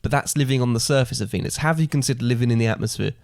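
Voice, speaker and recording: A man's voice: medium pitch, racing, gravelly, darkish tone, no room sound, clean studio sound. A man co-hosting a casual podcast, explaining ideas at length and thinking aloud. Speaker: podcast co-host. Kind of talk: casual chat.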